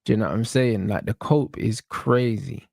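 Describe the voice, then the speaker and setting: Man, gravelly voice, dry close sound, angry football rant. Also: fairly low pitch, moderate pace, darkish tone, dry recording. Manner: angry, fuming, heavy slang. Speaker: football channel host. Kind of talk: casual football chat.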